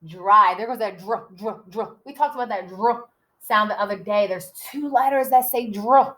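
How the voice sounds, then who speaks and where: A woman kindergarten teacher giving a recorded writing lesson, slowly sounding out words and spelling them letter by letter in a patient, encouraging way. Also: mid-range voice, fairly bright tone, low-quality recording. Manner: patient and encouraging, often checks with "okay?".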